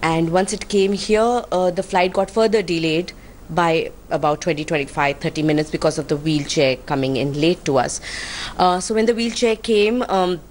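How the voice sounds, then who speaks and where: A woman with an Indian accent tells her account in an earnest, indignant tone, politely addressing her interviewer. Her voice sits a little low, and a faint hum of background noise runs under it. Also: normal speed, darkish tone. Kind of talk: recounting an incident on air.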